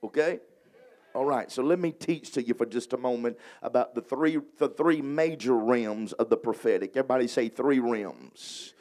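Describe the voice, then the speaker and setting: A man's voice: mid-range voice, a little mellow. A man with a Louisiana accent, an evangelist preaching a revival sermon to a congregation and drawing call-and-response from them. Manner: reads scripture slowly, prays with rising intensity. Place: revival hall before a congregation.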